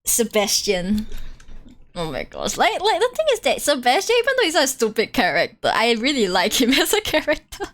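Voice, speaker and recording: A woman's voice: fairly high pitch, huge pitch swings, moderate pace, fairly bright tone. A woman game streamer chatting casually during a live playthrough, giggly and full of fillers. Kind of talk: casual live-stream chat over gameplay.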